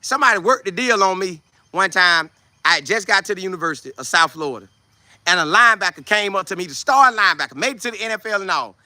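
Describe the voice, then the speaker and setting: A man in his twenties, hosting a casual football show, talking loudly and boastfully with lots of energy. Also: sits high, fast, no echo. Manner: loud, trash-talking, animated. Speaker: show host, football player. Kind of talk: casual livestream chat.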